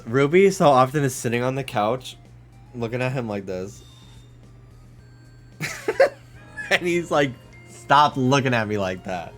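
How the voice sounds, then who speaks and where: Casually chatting while he streams a game from his home office, a man swears freely and switches to high baby talk to coo at his dog.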